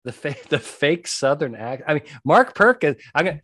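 Speaking a little high in a sing-song, slightly bright voice, a jury consultant who hosts a podcast offers advice at normal speed. His conversational monologue is emphatic, and he keeps repeating the key points.

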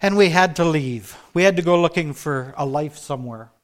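High-voiced man preaching his testimony. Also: normal speed. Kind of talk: sermon testimony.

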